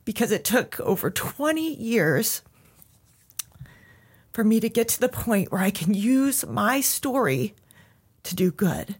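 A woman's voice: medium pitch, big pitch swings, slow pace, long pauses, slightly rough. A woman guest on a podcast, telling a personal story in a heartfelt way, at times tearful.

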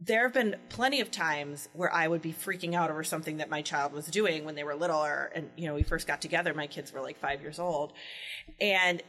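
A woman's voice: deep voice, a little fast, faint music behind. A woman in her forties chatting casually, telling a parenting story and acting out the quotes. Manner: animated storyteller, acts out quotes. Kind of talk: casual chat.

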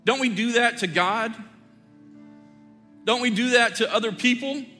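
Bright-voiced middle-aged pastor, joking sermon. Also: male voice, extremely high pitch, a little slow, soft background music. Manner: conversational, joking storyteller. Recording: long hall reverb.

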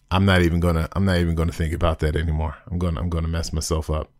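A man with a very low voice talks through an episode he loved, giddy and animated, breaking into sudden high "ooh" exclamations and tripping over his own restarts. The recording is dry and close, with no room sound. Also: very fast, few pauses, no echo. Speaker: podcast host reviewing an episode. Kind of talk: casual excited review chat.

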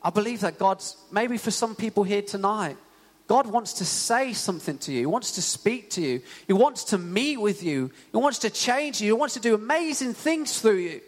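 Young man, conversational sermon, fairly high voice, long church reverb. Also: normal speed. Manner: conversational, animated storytelling with many fillers. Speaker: preacher. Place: church hall.

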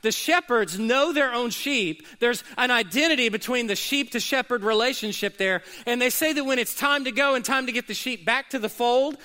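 A man's voice: very high voice, bright, forceful tone. A man preaching a sermon as pastor to a congregation, rising and dropping his voice for emphasis. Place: church service with congregation.

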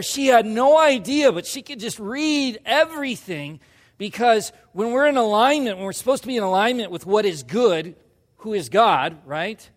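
A man preaching a sermon, telling a personal story and acting out quoted lines in a hushed voice before pushing to loud emphasis. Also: high-pitched, long reverb tail. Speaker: pastor.

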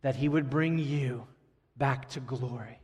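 A middle-aged man from Staten Island, New York preaching a sermon to his church, emphatic and dropping to a hush on key words. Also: mid-range voice, measured pace, long reverb tail. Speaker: pastor.

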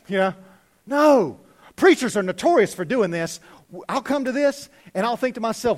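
A man preaching a sermon as pastor, animated, swinging from loud urging to hushed, quiet lines. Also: high-pitched, fast talker.

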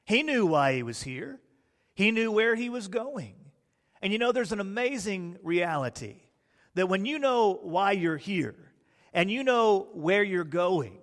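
A man preaching a sermon, swinging from hushed, drawn-out words to loud, excited bursts as he acts out the disciples' panic. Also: sits high, big-room sound.

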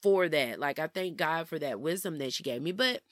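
A young adult woman telling a personal story in a casual, animated way, often calling her listeners "y'all". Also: low voice, normal speed, dry recording, clean studio sound. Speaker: vlogger.

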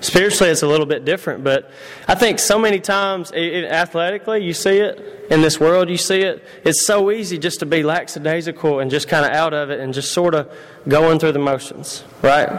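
A man's voice: a little high, fairly even intonation, fairly quick. A man preaching a conversational sermon, repeating himself and putting questions to his congregation. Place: church hall. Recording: long reverb of a church hall.

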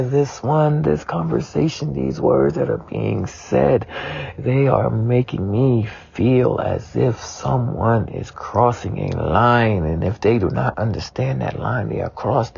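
A man's voice: medium pitch, gravelly, darkish tone, breathy edge. A spiritualist man in a raw, emotional monologue, tearful and repeating himself, swearing as he vents. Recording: dull lo-fi recording.

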